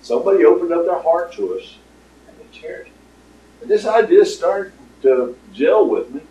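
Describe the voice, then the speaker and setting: An older man giving a casual, rambling pitch to an audience, with lots of fillers. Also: animated, normal speed, mellow, lo-fi sound, a little hiss or hum. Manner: rambling storyteller with many fillers. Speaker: startup presenter. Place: meeting room with audience. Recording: roomy, distant room recording.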